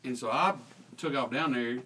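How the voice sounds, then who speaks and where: A man's voice: medium pitch, normal speed, recorded from a distance, very noisy. A young man, a guest telling a story in a folksy, self-deprecating way. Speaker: teacher guest. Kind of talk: casual storytelling.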